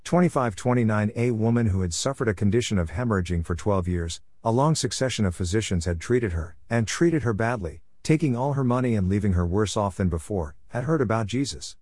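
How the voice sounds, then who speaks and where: A man reads scripture aloud with a measured, steady delivery, calling out verse numbers between passages. His voice sits fairly low, and the recording is dry and close with no room sound. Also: no echo. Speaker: Bible reader. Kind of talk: scripted Bible reading.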